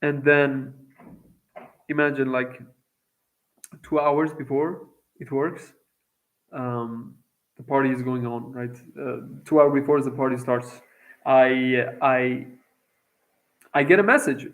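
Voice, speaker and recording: A man's voice: medium pitch, fairly even intonation, slow pace, long pauses, poor audio. A young man from Iran telling a long personal story in a casual, profane, rambling way, with lots of fillers. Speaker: vlogger.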